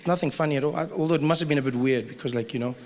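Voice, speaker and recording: A man from South Africa doing an animated stand-up comedy set before a live crowd. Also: on the high side, very fast. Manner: animated, acts out voices. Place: large live venue with audience. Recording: live hall with audience noise.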